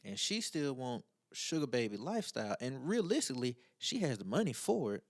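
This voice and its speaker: Animated, blunt male podcast co-host. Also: medium pitch, fairly quick, no echo, studio quality. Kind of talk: casual podcast chat, reading a listener letter.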